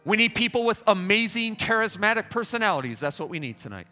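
Fervent high-voiced preacher, man. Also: big pitch swings, quick pace, bright, forceful tone, long reverb tail, soft background music. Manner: fervent, repetitive, pleading. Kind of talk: revival camp meeting sermon. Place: large tabernacle.

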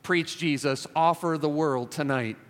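A man's voice: a little high, measured pace. A man preaching a sermon, emphatic and repetitive, building phrases to fervent climaxes. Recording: long reverb of a large hall.

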